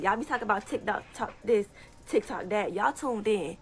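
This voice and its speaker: A young woman telling a casual story time on social media, animated and indignant, often breaking into laughter. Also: mid-range voice, moderate pace, a little hiss or hum. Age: young adult. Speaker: TikTok storyteller.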